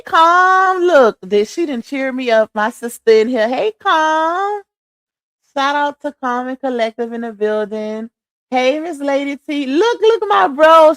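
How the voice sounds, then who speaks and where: A woman's voice: medium pitch, no echo, clean studio sound. A woman hosting a casual livestream, chatty and preachy, talking straight to her viewers as "y'all.". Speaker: livestream host.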